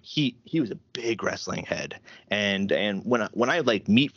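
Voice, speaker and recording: Bright-voiced Canadian man chatting. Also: lowish voice, expressive, moderate pace, breathy edge, no room sound. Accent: Southern Ontario Canadian. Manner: rambling, filler-heavy, laughs often. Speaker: guest. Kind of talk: casual podcast chat. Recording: dull lo-fi audio.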